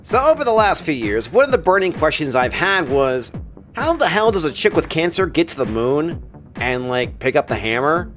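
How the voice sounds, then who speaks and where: A male comic book reviewer ranting in a sarcastic, profane way and dropping deadpan jokes. His voice is high and very animated, and faint music plays under it. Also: normal speed.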